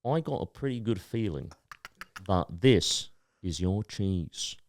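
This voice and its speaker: A man putting on a deadpan cheese magician. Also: fairly low pitch, slow, no echo, voice pushed down. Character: deadpan male stage magician eating cheese.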